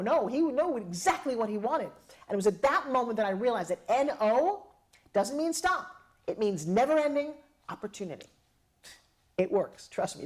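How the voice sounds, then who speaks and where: A middle-aged woman telling a personal story, dramatic and expressive, acting out the voices of the people in it. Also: medium pitch. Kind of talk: animated storytelling.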